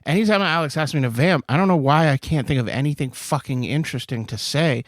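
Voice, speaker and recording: Laid back podcast dude rambling, laughs a lot, dry close sound. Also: male voice, fairly high pitch, quick pace, no room sound. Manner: easygoing, rambling, laughs often. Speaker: podcast co-host. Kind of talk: casual comedic banter. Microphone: studio microphone.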